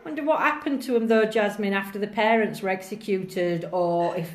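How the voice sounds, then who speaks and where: A woman's voice: mid-range voice, moderate pace, a little hiss or hum. A woman on a live-streamed ghost hunt, calling out to spirits and reading out viewer comments. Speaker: paranormal investigator. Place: echoey old jail building. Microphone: phone livestream. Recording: echoey room, faint music.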